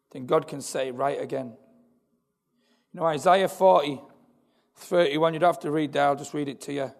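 A man preaching an earnest, repetitive sermon in a church, his voice gravelly. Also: sits high. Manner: earnest, repetitive, building in intensity. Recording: long hall reverb.

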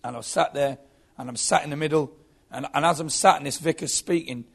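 A man's voice: on the high side, brisk, vocal fry, a bit bright, slightly rough. A man telling his own story as a Christian testimony, earnest and often repeating his words. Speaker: former prisoner giving testimony.

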